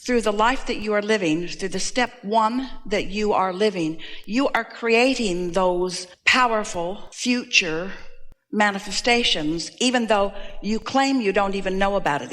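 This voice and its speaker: A woman teaches a seminar audience, always speaking as "we". Her delivery is measured and deliberate, at a middling pitch. Long reverb from a large hall hangs behind every phrase. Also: a bit bright. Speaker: spiritual teacher answering questions.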